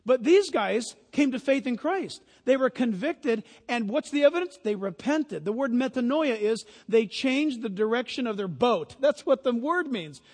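A man preaching a sermon, animated and emphatic, building to loud peaks as he drives his points home. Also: extremely high pitch. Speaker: pastor. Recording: long hall reverb.

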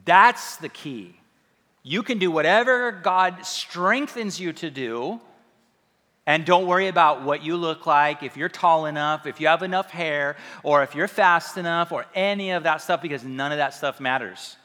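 A man preaching in a church hall, his fairly high voice bright and forward. He keeps the sermon loose and conversational, poking fun at himself with easy humor. A long reverb trails each phrase through the room. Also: moderate pace. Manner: conversational and self-deprecating, with humor. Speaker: pastor.

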